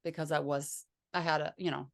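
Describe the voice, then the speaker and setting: Low-voiced woman, hesitant interview guest. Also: fairly even intonation, brisk, gravelly. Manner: rambling, hesitant, many restarts and fillers. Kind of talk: conversational interview.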